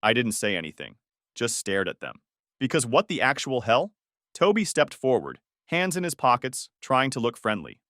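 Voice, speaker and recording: A man's voice: mid-range voice, big pitch swings, moderate pace, a bit bright, dry recording, studio quality. A man in his thirties narrating his own story in a blunt, plain-spoken way. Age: 30s. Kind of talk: first-person story narration.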